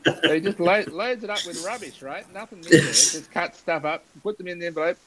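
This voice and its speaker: A man's voice: sits high, fairly quick, a crowd in the background, rough recording. A man hosting a casual live chat over a video call, telling anecdotes and laughing often as he goes. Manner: chatty, laughs through anecdotes.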